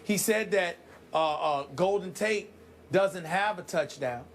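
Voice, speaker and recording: Co-hosting a sports debate show, a man speaks emphatically and dramatically, repeating lines for effect. His voice is high-pitched and a little slow, with some faint hiss or hum in the recording.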